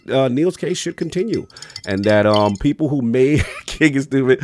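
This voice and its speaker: A man hosting a gaming podcast, reading out a news report in an even way with small fillers. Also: medium pitch. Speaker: podcast host. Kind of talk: reading out news, then casual chat.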